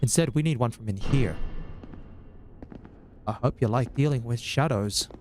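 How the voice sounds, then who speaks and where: A man's voice: mid-range voice, measured pace, noisy background. A man giving chatty, wry let's-play commentary on a game as he plays. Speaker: gaming YouTuber.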